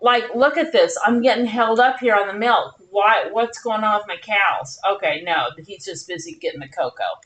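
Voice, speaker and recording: A woman streaming a game live, chatty and animated, exclaiming as she plays. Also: mid-range voice, normal speed, hardly any pauses. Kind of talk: live gameplay commentary.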